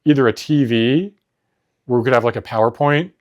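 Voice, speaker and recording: A man's voice: mid-range voice, brisk, highs cut off. A man co-hosting a casual podcast chat, rambling and laughing easily, often losing his train of thought. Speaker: podcast co-host.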